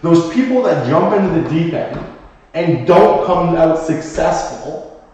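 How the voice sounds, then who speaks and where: A man's voice: fairly high pitch, lively intonation, a little slow, darkish tone. A man hosting a casual group chat, reflective and asking probing questions. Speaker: podcast host. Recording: echoey room from far off, dull sound.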